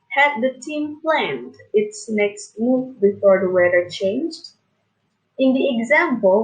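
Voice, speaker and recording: Slow, careful young woman student. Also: medium pitch, poor audio. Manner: slow, careful, repeats words while explaining. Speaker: student presenter. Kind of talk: recorded class presentation.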